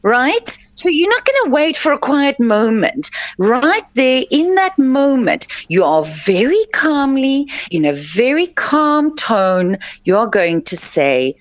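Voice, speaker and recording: A woman with a high-sitting voice and big pitch swings talks slowly, barely pausing, with no room sound. She's a life coach hosting a radio advice show from a studio, speaking earnestly and instructively with lots of fillers and restarts. The audio is dull, lo-fi, and dry like radio.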